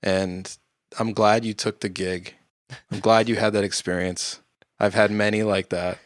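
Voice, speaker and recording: A man, a guest film composer, talking in a reflective, halting way with many restarts in casual conversation. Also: lowish voice, little pitch movement, dry recording, studio quality.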